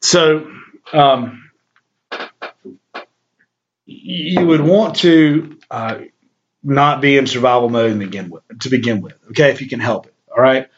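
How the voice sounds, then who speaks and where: A man's voice: medium pitch, measured pace, pauses often. Rambling, laid-back man on a podcast. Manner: rambling, laughs often, fillers like dude and you know. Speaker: podcast guest author. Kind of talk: casual podcast chat. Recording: dull lo-fi sound.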